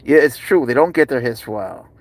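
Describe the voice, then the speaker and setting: A man streaming live from inside a car, doting on his pet cat and often slipping into high baby talk. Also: lively intonation, fast talker, dry recording. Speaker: pet owner vlogger. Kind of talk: casual live-stream chat.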